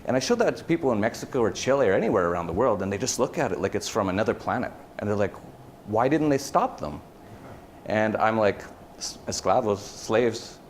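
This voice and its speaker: A man's voice: on the low side, animated, quick pace, slight background noise. A man giving a casual conference talk, rambling with many fillers and restarts. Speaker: conference speaker. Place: conference hall.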